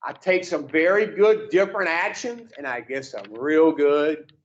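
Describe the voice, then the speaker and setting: Man, high-pitched, recovery group speaker, profane, rhetorical questions, muffled lo-fi sound. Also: expressive, unhurried. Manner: profane, plain-spoken, fires rhetorical questions at the room. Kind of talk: blunt motivational talk to a group.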